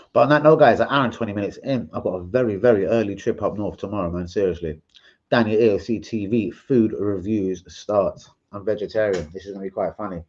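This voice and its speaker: A man rants on a casual live stream, swearing freely and mocking his rivals in an animated way. His voice sits fairly low in pitch, and the stream audio comes through dull and lo-fi. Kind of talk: casual livestream rant.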